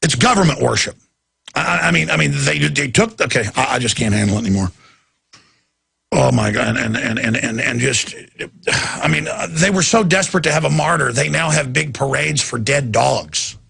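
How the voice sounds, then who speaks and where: A middle-aged man hosting a radio talk show, ranting emphatically and at times shouting. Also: medium pitch, lively intonation, normal speed, vocal fry, slightly rough. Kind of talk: impassioned talk radio monologue.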